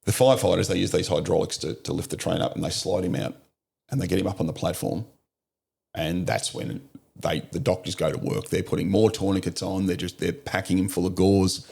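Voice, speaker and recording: Gravelly deep-voiced Australian man. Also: brisk, darkish tone. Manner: blunt, vivid retelling with swearing. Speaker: podcast guest, former police officer. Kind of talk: storytelling in an interview.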